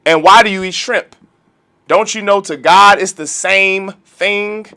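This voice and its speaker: A man's voice: high voice, unhurried, gravelly, pushed and bright. A man teaching a religious law class, preaching emphatically and firing off rhetorical questions. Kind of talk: lecture-style sermon.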